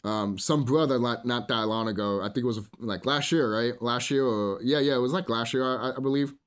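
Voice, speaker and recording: A man's voice: medium pitch, brisk. A man ranting in a solo monologue, profane and rambling, full of fillers, preaching to his listeners as brothers and sisters. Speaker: vlogger.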